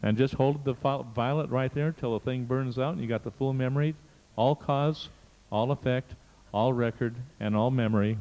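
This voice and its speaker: A man's voice: mid-range voice, fairly even intonation, normal speed, warm tone. A man leading a live seminar exercise, coaxing and pushing a participant with short, insistent prompts. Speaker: seminar leader. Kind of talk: guiding a participant through a live workshop exercise. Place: seminar hall. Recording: muffled seminar tape with long hall reverb.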